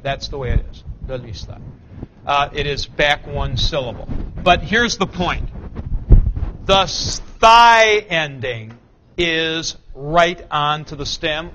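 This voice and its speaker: A man's voice: on the high side, pushed and bright, a little hiss or hum, rough recording. A man teaching a classroom lecture, explaining patiently, reciting forms and correcting himself aloud. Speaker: Greek teacher.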